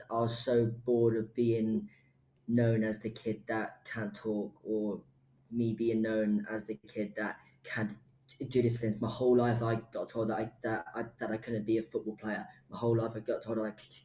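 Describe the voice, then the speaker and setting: A man's voice: medium pitch, mellow. A young man from the United Kingdom telling his story as a podcast guest, earnest and stammering at times. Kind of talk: emotional personal story. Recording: roomy echo.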